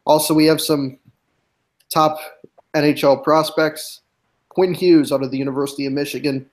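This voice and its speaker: A man on a hockey podcast, reading through a team roster name by name in a measured, steady way. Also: a little high. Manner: reads lists of names in a measured, steady way. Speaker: guest hockey analyst.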